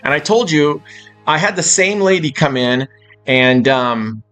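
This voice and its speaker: A man's voice: a little high, expressive, a little slow, a bit bright. Man, chatty, rambling, swears freely, hotel suite, faint background music. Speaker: casino live-stream host. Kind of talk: casual rambling live stream.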